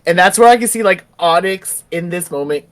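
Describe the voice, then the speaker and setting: Brief: animated tabletop player with a mid-pitched voice who tells their moves with lots of fillers. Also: brisk. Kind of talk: casual tabletop role-play narration.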